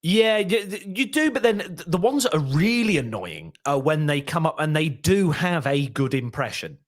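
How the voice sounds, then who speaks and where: Male impressionist guest, chatty and animated, voice a touch high, casual podcast talk. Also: moderate pace. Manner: animated storyteller, slips into quoted voices.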